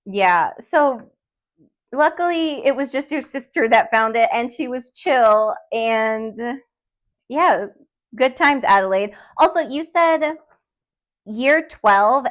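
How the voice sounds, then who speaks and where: A woman hosting a podcast, telling a story in a rambling, self-conscious way with nervous laughs. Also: on the high side. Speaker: podcast host. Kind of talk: casual solo podcast storytelling. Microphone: studio podcast mic.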